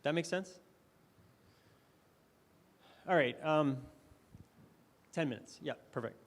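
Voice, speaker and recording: Speaking slowly in a slightly high voice, a male conference speaker gives a conversational presentation riddled with fillers and restarts. The recording carries the echo of the conference hall.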